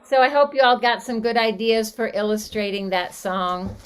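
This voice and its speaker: A woman's voice: a little high, normal speed, clear, resonant tone. A woman song leader chatting casually over a video call about a song she wrote, trailing off with fillers. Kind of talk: casual chat after leading a song.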